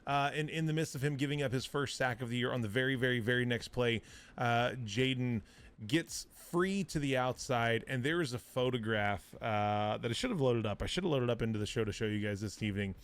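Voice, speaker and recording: A man hosting a live sports podcast, talking excitedly and repeating words for emphasis. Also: mid-range voice, brisk, clean tone. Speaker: podcast host.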